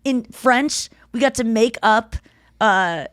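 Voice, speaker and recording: In a dry, studio-quality recording, a woman with a fairly high, slightly bright voice speaks slowly. She's a podcast host in her thirties, a chatty storyteller who rambles in casual talk and swears freely.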